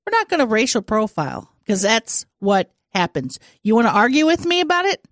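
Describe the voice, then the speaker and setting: A woman's voice: a little high, big pitch swings, brisk, no room sound, clean studio sound. A woman co-hosting a casual podcast chat, outspoken and opinionated, with a teasing streak. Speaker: podcast co-host.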